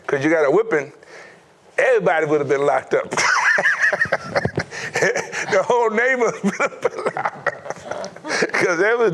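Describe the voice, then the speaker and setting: A middle-aged former pro football player telling stories from his youth in a lively way, laughing often. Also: fairly high pitch. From United States. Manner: animated storyteller, acts out quoted voices, laughs often. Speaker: former NFL player, guest. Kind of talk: storytelling interview.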